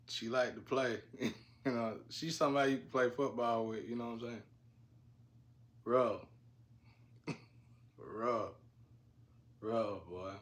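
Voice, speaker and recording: A man telling stories in a casual, rambling way, laughing often and using slang. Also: on the low side. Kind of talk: casual storytelling.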